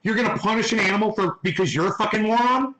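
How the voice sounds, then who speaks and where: A man's voice: high voice, quick pace, fairly bright tone. A man hosting a casual livestream, ranting with heavy swearing while reading and answering chat. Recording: echoey room.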